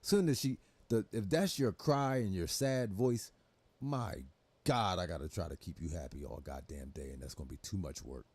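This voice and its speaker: A man's voice: low voice, expressive, normal speed, a little mellow, husky, no echo, soft background music. A young man hosting a livestream, reacting to clips in loose, laughing talk full of swearing. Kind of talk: casual profane reaction commentary.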